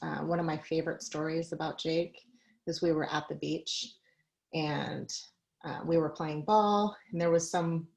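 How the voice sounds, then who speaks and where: Woman, guest speaker, video call talk, conversational, slightly low pitch. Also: fairly even intonation, unhurried, gravelly, darkish tone, poor audio. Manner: conversational, personal stories, light laughs.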